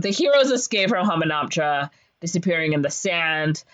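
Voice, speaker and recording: A woman's voice: on the low side, expressive, normal speed, a bit bright, dry recording. A woman co-hosting a podcast, recapping a movie in a casual, playful way, full of ums and likes and jokey voiced-out lines. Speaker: podcast co-host. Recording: dull lo-fi podcast audio.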